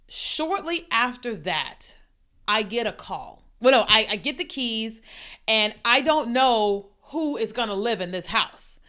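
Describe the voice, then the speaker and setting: A woman podcast host telling a personal faith testimony, animated and storytelling, acting out the voices of people she quotes. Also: on the high side.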